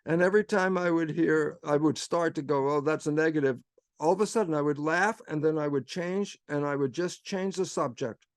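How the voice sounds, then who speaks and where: High-voiced older man telling a story. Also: normal speed, hardly any pauses, no room sound, clean studio sound. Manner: animated, repetitive emphasis. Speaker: guest speaker answering questions. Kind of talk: storytelling talk.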